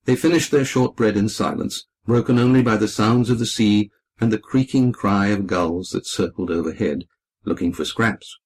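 A man narrating a children's storybook in a measured, descriptive reading. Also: fairly low pitch. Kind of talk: scripted narration.

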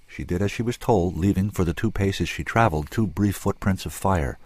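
Deep-voiced man reading a story. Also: dry recording, studio quality. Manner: measured, expressive storytelling. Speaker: radio host and reader. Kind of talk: reading fiction aloud.

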